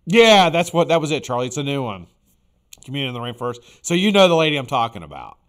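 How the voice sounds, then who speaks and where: A man's voice: mid-range voice, big pitch swings, quick pace, fairly bright tone, clear, resonant tone. A man hosting a live stream in casual chat, rambling and blunt, with frequent fillers and some swearing. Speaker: livestream host.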